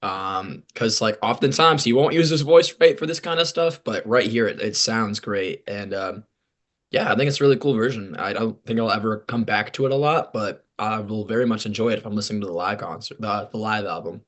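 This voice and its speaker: A man's voice: fairly low pitch, a little fast, a bit bright. A young man co-hosting a music podcast, chatting casually with enthusiasm and the odd swear word. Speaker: podcast co-host. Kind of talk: casual chat.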